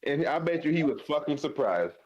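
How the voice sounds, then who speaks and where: A man's voice: on the high side, big pitch swings, fairly quick, darkish tone, dull audio. A male streamer in casual gaming chat, joking and swearing, laughing often.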